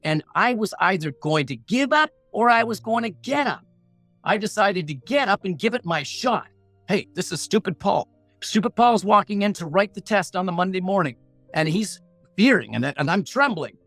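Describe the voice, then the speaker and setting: A man's voice: high-pitched, animated, normal speed, fairly bright tone, dry recording, faint music behind. A middle-aged man telling a personal story as a guest, earnest and blunt, with a punchy motivational way of talking. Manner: earnest, punchy, acts out inner voices; blunt, plain-spoken. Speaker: podcast guest, negotiation coach.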